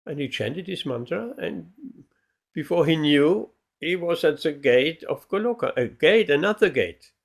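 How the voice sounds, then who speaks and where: A male spiritual teacher recounts a devotional story in a lecture, pausing often and filling gaps with hesitations. His voice is somewhat high with a gravelly rasp, and his pace is very slow. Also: lively intonation. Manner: storytelling with many pauses and fillers.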